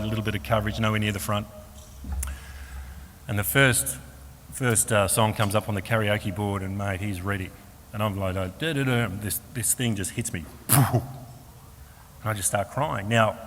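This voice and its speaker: An Australian man giving a personal faith testimony at a fellowship meeting, an animated storyteller who acts out the voices of the people in his story. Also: fairly low pitch. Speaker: speaker at a Christian fellowship meeting. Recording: long hall reverb, faint room noise.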